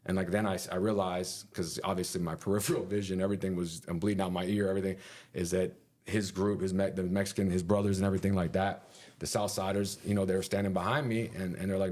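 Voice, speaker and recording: A man with a deep, low-pitched voice tells a story in a casual podcast interview. He talks with animated energy, fills his speech with "like" and punchy sound effects, and swears casually. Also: fast talker. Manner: animated, full of fillers and sound effects like "boom". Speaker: interview guest.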